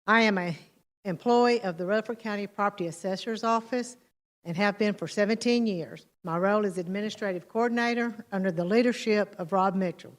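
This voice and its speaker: A woman reading a measured, formal prepared statement during public comment at a county committee meeting. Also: mid-range voice. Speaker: administrative coordinator speaking at public comment. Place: county government meeting room.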